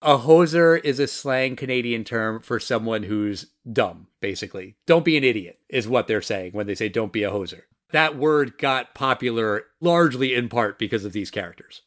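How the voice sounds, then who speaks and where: A man from the US hosting a casual film review podcast, speaking in a measured way, explaining things and asking his co-host questions. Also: mid-range voice, animated, a bit bright.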